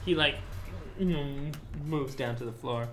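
A man's voice: mid-range voice, takes it slowly, a bit bright, slight background noise. A man narrating as game master of a tabletop game, in casual, filler-heavy narration.

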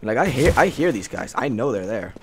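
A man giving live gameplay commentary, reacting out loud and swearing a lot as he plays. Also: mid-range voice, sing-song, brisk, noisy background. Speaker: gaming channel host. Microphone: desk mic on a stand. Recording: loud gunfire under the voice. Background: shooter game gunfire.

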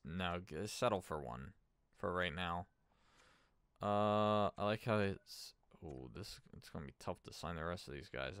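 A man's voice: deep voice, a bit bright, clean tone, no room sound, clean studio sound. A man giving casual gameplay commentary as a streamer, thinking aloud and chatting with his viewers. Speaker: gaming streamer.

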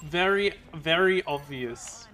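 A man streaming a competitive shooter game, chatting to viewers with excitable exclamations and self-mocking jokes. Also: fairly high pitch, slow pace. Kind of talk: live gaming stream commentary.

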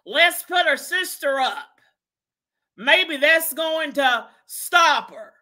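A woman's voice: high voice, animated, takes it slowly, pushed and bright. A woman hosting a live stream, ranting in a brash, profane way and laughing as she goes. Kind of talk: heated live-stream rant.

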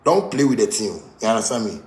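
A man's voice: lowish voice, big pitch swings, quick pace, darkish tone, echoey room. A Ghanaian man in his thirties with a Ghanaian Pidgin English accent, ranting angrily, repeating himself in stammering outbursts. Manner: heated, repetitive, stammering outbursts. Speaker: musician. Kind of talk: angry rant.

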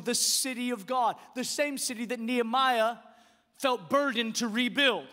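A man preaching a sermon as pastor, impassioned, dropping to a hush and then rising to shouts, with quick repeated words. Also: very high-pitched, big-room sound. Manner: impassioned preaching, swinging between hushed and shouted.

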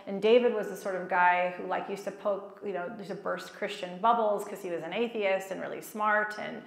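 Woman, faith-event speaker, lively and self-mocking storyteller, mid-pitched, miked in a reverberant hall. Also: normal speed, hardly any pauses. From child of Egyptian parents, raised in America. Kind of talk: personal storytelling talk. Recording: echoey hall.

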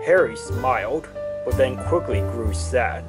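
Storybook narrator, man, mid voice, steady, music bed. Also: medium pitch, a little slow, breathy edge, poor audio.

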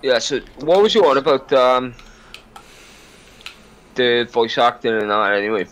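A man trades jokes in a loose podcast chat, laughing often. His voice swings up and down with a lively lilt. The tone is bright and forward. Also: medium pitch, unhurried. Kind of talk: casual banter.

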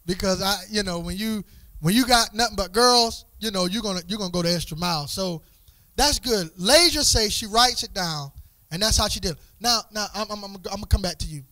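A man's voice: high voice, bright, forceful tone, dry recording. A man teaching young people at church in a casual, playful way, stumbling over repeated words and asking them questions. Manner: repeats words in quick restarts, asks the group questions.

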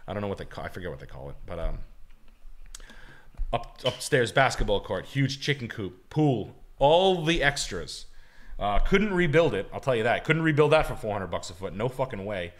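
A man's voice: fairly low pitch, fairly bright tone. A man co-hosting a livestream, rambling and profane as he gives blunt opinions on houses and cars. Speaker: co-host. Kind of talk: livestream casual chat.

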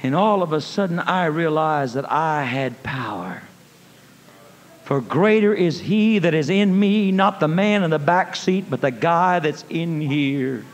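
A man preaching a sermon, telling a story in a folksy manner, calling listeners honey and rising to shouted praise. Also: fairly high pitch, lively intonation, a little slow. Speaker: evangelist. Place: church. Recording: long reverb of a church hall.

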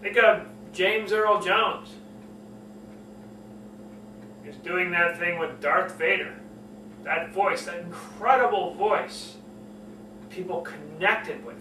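A man with a high, bright voice coaches public speaking and earnestly repeats his key points. He keeps showing how to drop his voice low and slow it down. The recording is roomy and set back from the mic, with a faint hiss behind it. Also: far from the mic. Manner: earnest, repetitive, demonstrates lowering and slowing his voice. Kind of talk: spoken lesson to camera.

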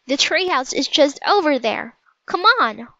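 A woman's voice: high voice, a little slow, no room sound, highs cut off, voice pushed up, full character voice. A woman voicing a bold, eager young girl in a storybook, crying out urgently. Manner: urgent, excited cries.

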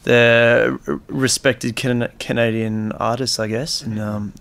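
A man with an Australian accent, a band member, answering haltingly with many restarts. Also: mid-range voice, steady tone, gravelly, a bit bright. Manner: hesitant, stumbling.

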